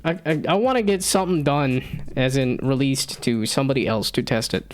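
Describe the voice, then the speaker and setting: A man's voice: mid-range voice, brisk. A man in his thirties chatting casually on a live stream, rambling and self-deprecating, laughing often. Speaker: streamer and hobby game developer.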